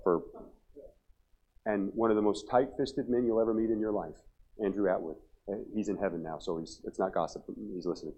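A man in his forties, a pastor preaching a revival sermon, joking and telling stories, then pressing his point loudly. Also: lowish voice, quick pace, highs cut off. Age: 40s. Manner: humorous storytelling, rising to loud emphatic preaching. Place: church sanctuary.

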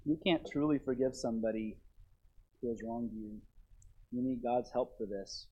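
A man preaching a sermon, swinging from emphatic, raised passages to quiet, earnest questions to the congregation. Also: mid-range voice, moderate pace, breathy edge. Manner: rises to emphatic then drops to quiet earnest. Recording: dull lo-fi recording.

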